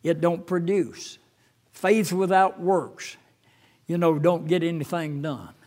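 An older man preaching a sermon as a pastor, halting with fillers, then rising fervently when he quotes scripture. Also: fairly high pitch, fairly even intonation, a little mellow.

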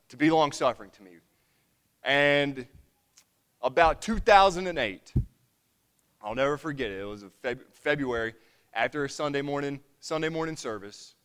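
Man in his 30s, church testimony, smooth resonant voice, stumbling earnest delivery. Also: medium pitch, a bit bright. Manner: earnest, halting with frequent restarts. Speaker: lay preacher giving testimony.

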